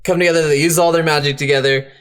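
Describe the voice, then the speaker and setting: A man's voice: fairly high pitch, fairly even intonation, fast, clean tone. A man co-hosting a video game podcast, chatting casually in an easygoing way and laughing often. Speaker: podcast co-host. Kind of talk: casual chat.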